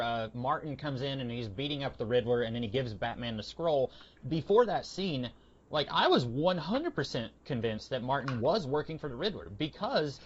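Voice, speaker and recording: A man in casual podcast conversation, rambling along with plenty of fillers. He keeps slipping into quick quoted lines of what people said. The audio is somewhat muffled and lo-fi. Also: on the high side, slight background noise. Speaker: podcast co-host. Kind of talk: casual comic book review chat.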